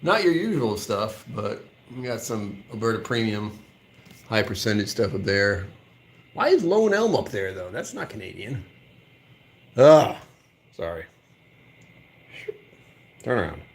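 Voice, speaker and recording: A man's voice: fairly low pitch, very animated, unhurried, long pauses. A man hosting a casual live vlog from a whiskey store aisle, thinking aloud and laughing often. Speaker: whiskey channel host.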